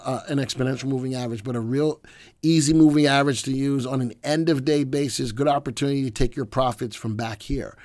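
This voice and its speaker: A hoarse man hosting a live stock-market show, talking upbeat to viewers while he clicks through charts. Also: medium pitch, no echo. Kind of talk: live webinar commentary.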